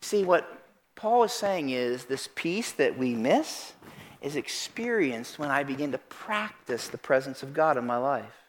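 A man preaching a sermon in church, asking the congregation questions and urging them to answer out loud. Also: mid-range voice, a little slow, a little hiss or hum. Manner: animated, calls out questions to the congregation. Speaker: pastor. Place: church sanctuary.

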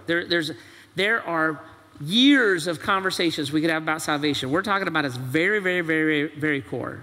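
A male pastor delivering a sermon with a high, forceful, bright voice. He hammers home his point with one rhetorical question after another. His words ring out with the long reverb of a large church hall. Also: lively intonation, a little fast. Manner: presses with repeated rhetorical questions.

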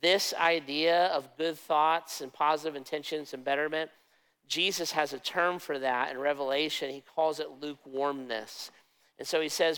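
A man's voice: on the high side, steady tone, moderate pace, pushed and bright, clean tone, poor audio. A man preaching a sermon as pastor, conversational and emphatic, often restarting his phrases.

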